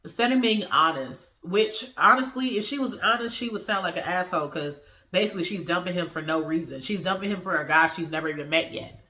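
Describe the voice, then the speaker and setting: A woman's voice: on the low side, fairly quick, pushed and bright, reverberant. A woman giving a casual, slangy review of a TV episode and acting out the characters' lines as she goes.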